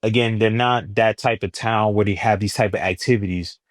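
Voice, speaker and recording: Young jersey guy, comedian, low voice, dry close sound, tells stories and jumps way up doing other people. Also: moderate pace, no echo. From New Jersey, USA. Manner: animated storyteller, acts out exchanges with big pitch jumps. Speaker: stand-up comedian guest. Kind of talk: casual interview chat.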